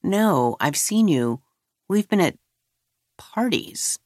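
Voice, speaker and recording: Hoarse bitter guy coming round after an overdose, reader doing him, dry close sound. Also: medium pitch, big pitch swings, slow, no echo, pitched above the performer's own voice. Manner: contemptuous, weary. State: hoarse croaking whisper. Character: bitter, groggy man recovering from an overdose. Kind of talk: audiobook character voice.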